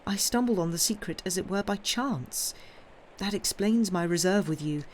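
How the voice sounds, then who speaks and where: A woman's voice: mid-range voice, expressive, moderate pace, a little hiss or hum, pitched above the performer's own voice, natural voice. A woman voicing a tender, anxious young woman. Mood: pleading. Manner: pleading, breathless questions.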